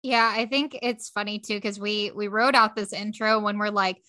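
A woman's voice: medium pitch, fairly even intonation, moderate pace, sharp tone. A woman in her twenties from Texas, co-hosting a podcast in casual chat, giggly and self-mocking. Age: 20s. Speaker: podcast co-host.

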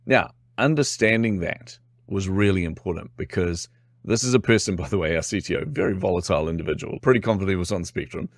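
A man with a New Zealand accent, telling lively stories as a guest in an interview. His voice sits low and deep, and he acts out what others said and laughs as he goes. The recording is dry and close, with no room sound. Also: fast talker, no echo. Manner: animated storyteller, acts out quotes, laughs often. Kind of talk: casual interview chat.

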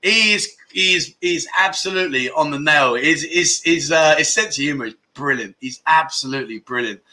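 A man's voice: a little high, normal speed, sharp tone. A man hosting a casual livestream, reading viewer comments aloud and bantering jokily with chatty fillers. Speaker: livestream host.

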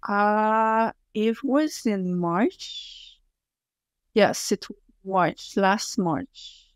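A woman's voice: medium pitch, clear, resonant tone, dry recording. A woman in her fifties from Quebec City, speaking English with a French Canadian accent as a guest in a casual interview, blunt and emphatic. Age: 50s. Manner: blunt, emphatic, deliberate phrasing.

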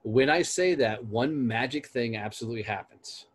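A man's voice: medium pitch, normal speed. A man hosting a casual conversation, blunt and salty, telling stories from his own career. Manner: blunt, profane, storytelling.

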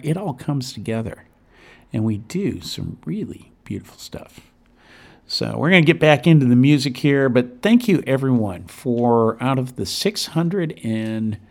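Male radio host with a gravelly, fry-edged voice, middle pitch, rambling and upbeat. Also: a little mellow. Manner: rambling, enthusiastic, chatty. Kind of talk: casual on-air radio talk. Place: radio studio.

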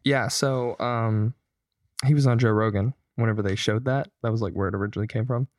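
A man's voice: mid-range voice, steady tone, fairly quick, dry recording. A young man co-hosting a podcast, telling stories loosely and swearing freely in casual chat. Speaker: podcast co-host.

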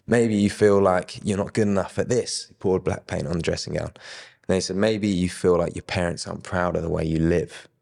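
Deep-voiced young man telling a story. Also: fairly quick, vocal fry, big-room sound. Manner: lively retelling with quoted dialogue and chuckles. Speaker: guest sharing his faith testimony. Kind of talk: casual personal storytelling.

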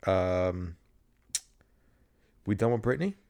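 A man's voice: low-pitched, expressive, takes it slowly, darkish tone. A man hosting a podcast, chatting casually and playfully about celebrity gossip. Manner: playful, teasing. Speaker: podcast host.

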